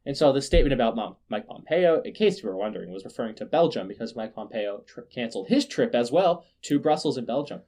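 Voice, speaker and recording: A man hosting a casual news podcast, sarcastic and quick to laugh, often restarting his words. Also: medium pitch, animated, dark tone. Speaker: podcast host.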